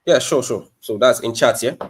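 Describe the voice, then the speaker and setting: A man with a Nigerian accent, a guest on a live stream. He explains things in a loose, chatty way, and his pitch sits in the middle range. He keeps the audience involved with quick rhetorical questions. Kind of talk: casual live-stream teaching and Q&A.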